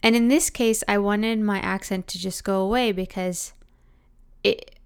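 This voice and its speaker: A woman's voice: medium pitch, fairly even intonation, unhurried, vocal fry, smooth. A woman with a Canadian accent telling a reflective personal story in a conversational, thoughtful way, often dropping in "like". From Britain, raised in Canada. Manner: conversational, thoughtful, frequent 'like' fillers.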